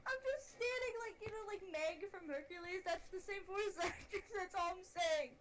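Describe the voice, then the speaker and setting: A woman co-hosting a podcast in casual chat, laughing and quickly protesting her partner's ideas. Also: extremely high pitch, fairly bright tone, a little hiss or hum. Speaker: podcast co-host.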